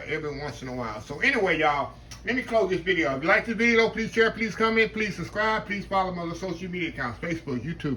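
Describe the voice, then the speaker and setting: A man's voice: on the high side, pushed and bright, a little hiss or hum, low-quality recording. A man hosting a casual home cooking vlog, chatty and folksy, talking to viewers as y'all in his kitchen. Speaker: home cooking channel host.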